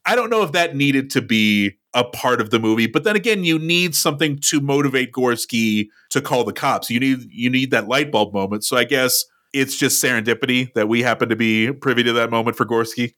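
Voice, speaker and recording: Bright-voiced analytical male podcast co-host. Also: mid-range voice, fairly quick, hardly any pauses. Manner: analytical, builds careful arguments. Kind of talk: casual movie-discussion chat.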